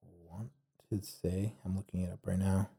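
A man's voice: deep voice, level tone, moderate pace, vocal fry, dark tone, breathy edge. A man co-hosting a podcast in casual chat, chatty and full of questions. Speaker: podcast co-host.

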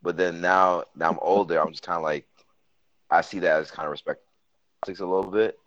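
A man's voice: low-pitched, steady tone, a little fast, a bit bright, no echo. A man co-hosting a sports podcast, talking things through in a thoughtful, rambling way. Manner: thoughtful, rambling, curious questions. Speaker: podcast co-host. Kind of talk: casual sports chat. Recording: dull, dry sound.

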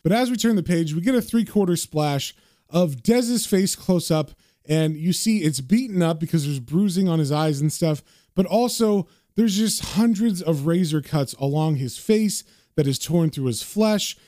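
A man recaps a comic book panel by panel in a relaxed, descriptive way. His voice sits a little high yet mellow, and the recording is dry and close. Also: moderate pace, no room sound. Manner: casual, descriptive storytelling.

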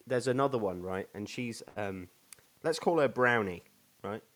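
A man's voice: fairly low pitch, animated, normal speed. A man telling a rambling story in casual chat, swearing freely. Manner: rambling, swearing, many fillers and restarts. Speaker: storyteller host.

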